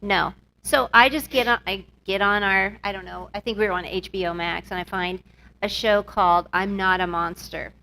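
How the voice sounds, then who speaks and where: Bright, playful woman running trivia. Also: medium pitch, fairly even intonation, moderate pace, vocal fry, slight background noise, poor audio. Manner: playful, teasing. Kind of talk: casual chat.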